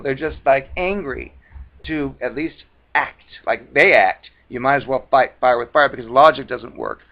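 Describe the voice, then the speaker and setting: A man giving advice in a casual talking-head monologue, speaking conversationally and acting out the retorts he quotes. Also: medium pitch. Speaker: advice vlogger. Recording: dull lo-fi recording.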